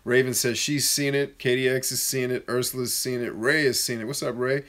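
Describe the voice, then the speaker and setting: A man talks loosely to his live chat, reading comments aloud and answering them bluntly. He jokes as he goes and now and then mocks a shrill, overexcited voice. His voice sits at an ordinary middle pitch for a man. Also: fairly even intonation, a little fast, fairly bright tone. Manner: blunt, joking, reads viewer comments aloud. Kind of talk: casual live-stream Q&A.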